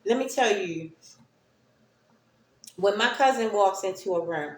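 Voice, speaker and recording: Woman, casual storytelling, chatty, keeps asking right, slow pace, echoey room. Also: mid-range voice, expressive. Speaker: speaker sharing personal stories. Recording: roomy echo.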